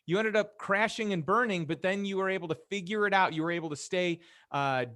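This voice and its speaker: Male podcast host, enthusiastic, slightly higher voice, dry recording. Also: brisk, pushed and bright, no room sound. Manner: enthusiastic, complimentary. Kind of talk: conversational interview.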